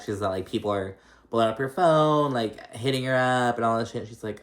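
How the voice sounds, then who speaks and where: Young guy doing a reality show recap, swears a lot, laughs, does squeaky voices when quoting people. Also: fairly quick. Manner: chatty and profane, laughing often, mimicking cast members in a high voice.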